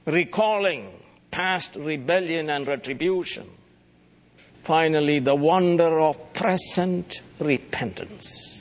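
A man's voice: fairly high pitch, slow. A man preaching a sermon from scripture, building emphasis phrase by phrase. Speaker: pastor.

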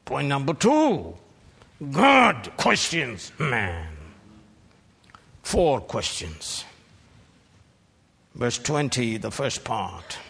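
Fiery gravelly preacher in a reverberant hall. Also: male voice, mid-range voice, big pitch swings, slow pace, long pauses. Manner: thundering, rebuking, with sudden shouted peaks. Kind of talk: fiery sermon.

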